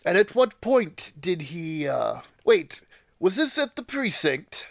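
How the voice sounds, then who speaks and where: A man's voice: high voice, very animated, slow pace, vocal fry, dry recording, clean studio sound, full character voice. A man voicing a pompous, self-assured male adventurer with a grandiose, florid way of talking. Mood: brisk.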